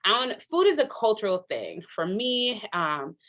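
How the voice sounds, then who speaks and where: A woman's voice: medium pitch, big pitch swings, normal speed, fairly bright tone. A woman presenting a workshop over a video call, chatty and enthusiastic, with many fillers and asides. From Minnesota. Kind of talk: casual virtual workshop talk.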